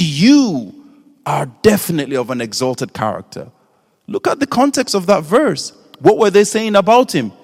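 Man, teacher, engaging, asks the audience questions, slightly high voice, reverberant hall. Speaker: Islamic teacher. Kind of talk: lecture to an audience.

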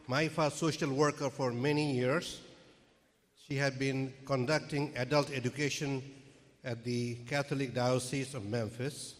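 Man giving a measured podium speech at a dinner, halting delivery, booming hall echo. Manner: slow, halting delivery broken into short phrases. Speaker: founder of an interfaith group presenting an award. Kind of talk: formal speech at a dinner event. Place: banquet hall at an event. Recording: long reverb in a large hall.

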